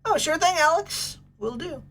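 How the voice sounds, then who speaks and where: Bubbly, lively woman streamer. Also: very high-pitched, moderate pace. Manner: bubbly, gushes over pets and thanks chat. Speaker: livestream host. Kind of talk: casual livestream chat.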